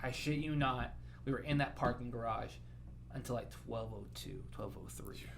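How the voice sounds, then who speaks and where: A man's voice: medium pitch, moderate pace, gravelly, a bit bright, a little hiss or hum. A man co-hosting a podcast, telling rambling, profane stories with enthusiasm in casual chat. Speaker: podcast co-host.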